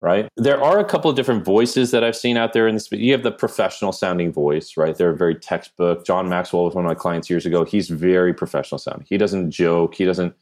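A man with a New Jersey accent, a podcast guest giving animated, self-deprecating answers in casual conversation. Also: low-pitched, fairly quick, few pauses. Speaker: podcast guest, brand strategist.

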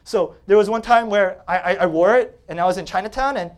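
A man's voice: sits high, brisk. A man from Staten Island, New York preaching a sermon, telling personal stories in a joking, conversational way and laughing often.

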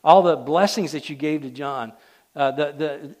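A man preaching a sermon, driving points home and then dropping to a hush. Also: a little high, a little slow. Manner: emphatic, swings between loud declarations and hushed asides.

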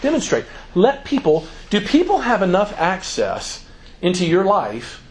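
A man's voice: high voice, unhurried. A man giving an informal, joking talk to students as a campus minister, acting out quoted voices. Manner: animated, joking, acts out quotes.

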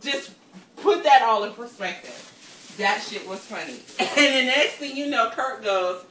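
A woman co-hosting a podcast from her kitchen, telling stories in a casual, animated way, laughing often and swearing freely. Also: fairly high pitch, measured pace, roomy sound, distant mic, a little hiss or hum. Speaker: podcast co-host. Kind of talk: casual storytelling chat. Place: home kitchen.

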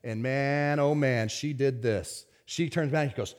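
A man preaching a lively sermon as pastor, swinging from loud bursts to hushed whispers. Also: medium pitch, a little slow.

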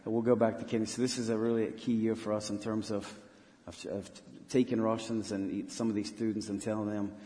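A missionary pastor, interviewed in church, tells a story with earnest conviction, halting and restarting many times. His lowish, mellow voice has little pitch movement and carries a long reverb from a large hall.

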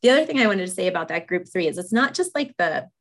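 Candid woman podcast host, low-pitched. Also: sing-song, quick pace. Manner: candid, laughs often, many fillers. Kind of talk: faith-based casual chat.

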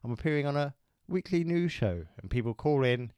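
A man's voice: medium pitch, animated, fairly quick, darkish tone, clean tone, dry recording. A man co-hosting a podcast in casual chat, joking and spinning comic riffs. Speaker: podcast co-host.

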